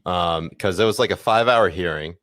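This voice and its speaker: Low-voiced man in casual podcast chat. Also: a little fast, a bit bright, no room sound. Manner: rambling, lots of fillers, jokey. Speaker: podcast co-host.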